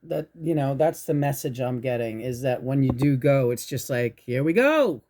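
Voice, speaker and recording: A woman hosting her own channel, telling a spiritual story in a rambling, halting way, restarting her sentences and swearing. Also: rumbling low, fairly even intonation, warm tone, a little hiss or hum. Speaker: channel host. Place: indoors at home.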